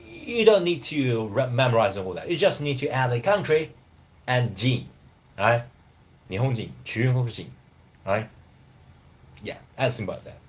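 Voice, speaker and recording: Casting: male language teacher, casual live lesson, animated pitch, often checks in with listeners. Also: normal speed, pauses often. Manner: lively, repeats "right?" and "you know what?".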